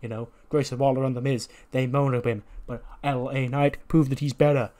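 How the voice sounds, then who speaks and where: A man voicing a cocky male wrestler who calls himself a megastar, trash-talking loudly. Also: medium pitch, little pitch movement, fairly quick, lightly acted. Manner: cocky, loud trash talk.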